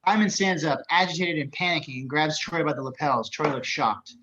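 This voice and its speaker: A man reading stage directions as narrator, brisk and matter-of-fact. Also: a little high, highs cut off, noisy background.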